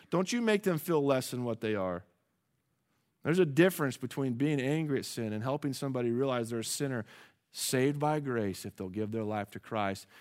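A male pastor giving a sermon, moving between quiet low asides and loud emphatic preaching, and calling out questions to the congregation. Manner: calls out rhetorical questions to the congregation.

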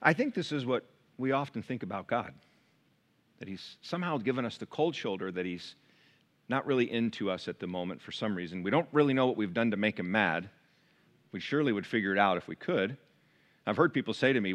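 A man preaching a sermon to his church, shifting from quiet, close asides to loud, raised passages. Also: on the low side, lively intonation, a little fast. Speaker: pastor. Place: church sanctuary.

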